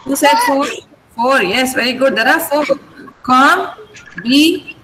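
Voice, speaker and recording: A woman with an Indian English accent teaches English, explaining stress rules patiently and asking students to repeat each word. Her voice sits somewhat high. There is a faint hiss behind her. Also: normal speed, fairly bright tone, roomy sound, low-quality recording. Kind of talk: online vocabulary class.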